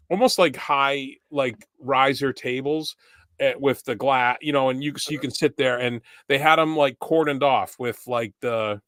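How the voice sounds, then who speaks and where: A young man with a bright, forceful voice telling a rambling story on a hockey podcast. He talks in a loose, casual way and raises his voice when he acts out the people he quotes. The sound is dry and close, with no room around it. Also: medium pitch, no room sound. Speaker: podcast co-host.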